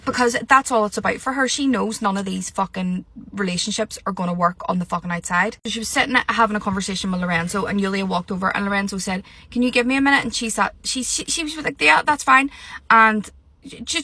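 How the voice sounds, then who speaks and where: A woman's voice: mid-range voice, a little fast, bright, forceful tone. A young woman ranting about a reality show in a heated, sweary, exasperated vlog. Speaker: reality TV commentator.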